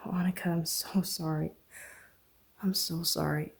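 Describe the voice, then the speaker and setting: A man's voice: high-pitched, a little fast, darkish tone. A woman reading a young man in an audiobook, urgent and pleading, full of guilt and worry for someone he let down. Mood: whispering comfort. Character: panicked young man, guilt-ridden and protective.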